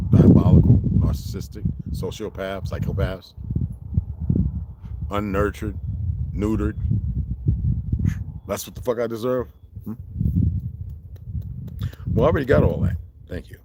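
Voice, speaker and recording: A man's voice: deep voice, unhurried, pauses often, heavy background noise. An older man in a rambling outdoor monologue, blunt, profane and preachy. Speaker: vlogger.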